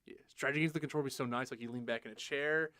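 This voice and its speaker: Animated young podcast co-host, man. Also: medium pitch, rapid-fire, no echo, clean studio sound. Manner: animated storytelling, acts out quotes in silly voices; swears freely. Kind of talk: casual chat.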